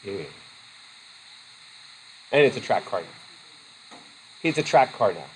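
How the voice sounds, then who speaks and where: A man's voice: lowish voice, big pitch swings, slow pace, a little hiss or hum, low-quality recording. A male instructor giving a casual, rambling classroom lecture, often interrupting himself mid-sentence. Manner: chatty, rambling, self-interrupting. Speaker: college instructor.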